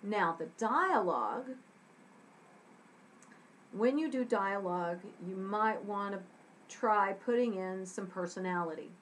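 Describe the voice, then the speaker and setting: A woman gives a scriptwriting lesson, taking her time and acting out little example lines in varied voices. She checks in often with a quick "okay?" A faint hiss sits under the recording. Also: mid-range voice, a bit bright, low-quality recording. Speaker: scriptwriting teacher.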